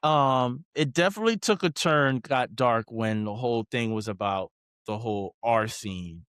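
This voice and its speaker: A man co-hosting a podcast, talking in a relaxed, casual way with lots of fillers. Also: medium pitch, moderate pace, smooth, no room sound, clean studio sound. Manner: relaxed, conversational, many fillers. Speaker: podcast co-host. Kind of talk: casual chat.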